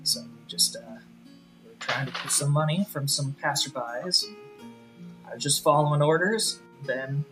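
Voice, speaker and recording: A man's voice: fairly high pitch, normal speed, music in the background, natural voice, rough recording. Man doing a whiny, stammering hungry goblin. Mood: sheepish. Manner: whiny, stammering, self-pitying. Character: small hungry male goblin, timid and pleading.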